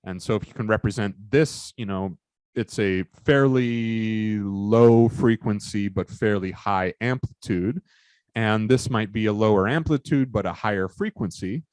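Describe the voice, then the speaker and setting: A man giving a recorded lecture, explaining in a halting way with many fillers and restarts. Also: on the low side, a little mellow, smooth, dry recording.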